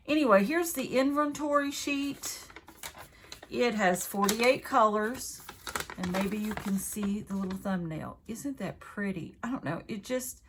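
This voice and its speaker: Chatty Southern woman, slow unboxing talk. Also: medium pitch, noisy background. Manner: chatty, rambling, self-correcting. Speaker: craft video host. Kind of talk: casual unboxing chat.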